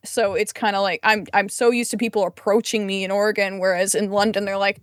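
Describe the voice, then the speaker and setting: A woman's voice: mid-range voice, steady tone, fast talker, few pauses, dry recording, clean studio sound. A woman with a Minnesotan accent telling rambling stories on a casual comedy podcast, acting out other people's voices and swearing freely. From United States. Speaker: podcast co-host.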